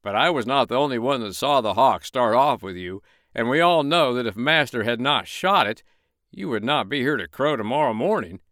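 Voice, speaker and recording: A man's voice: mid-range voice, expressive, moderate pace, fairly bright tone, no echo, studio quality, lightly acted. A man voicing a wry farm dog in a storybook reading, chiding and laughing at a braggart.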